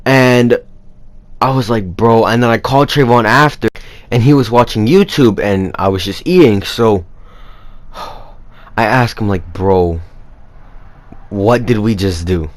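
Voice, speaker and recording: A man's voice: lowish voice, measured pace, pauses often. A young man telling a personal story in a casual, rambling way, with lots of fillers. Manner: rambling, animated retelling with many fillers. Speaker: vlogger.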